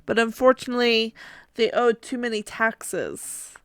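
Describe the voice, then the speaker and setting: A woman telling a story for a casual family podcast, slow and halting, often breaking into giggles. Her voice sits on the high side with a gravelly fry. The sound is close and dry. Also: no echo. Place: home.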